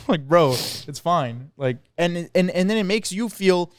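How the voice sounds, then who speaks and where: A young man co-hosting a podcast, telling stories in a lively, slangy casual chat. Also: a little high, a little slow, clean tone, no room sound, clean studio sound. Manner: animated storytelling, slangy. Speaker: podcast co-host.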